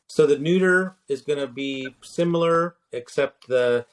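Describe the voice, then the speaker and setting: Male grammar teacher, mid-pitched, patient and halting explainer, slows down to spell out forms. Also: a little hiss or hum. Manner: explaining patiently, with many fillers and restarts; spells out word forms slowly. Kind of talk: conversational grammar lesson.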